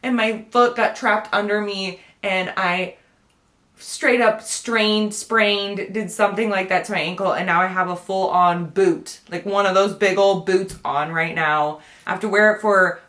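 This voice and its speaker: A woman's voice: mid-range voice, steady tone, a little slow, fairly bright tone. A young woman, giving a chatty, emotional personal update to her viewers. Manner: chatty, emotional, tearful at times. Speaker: vlogger. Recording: echoey room.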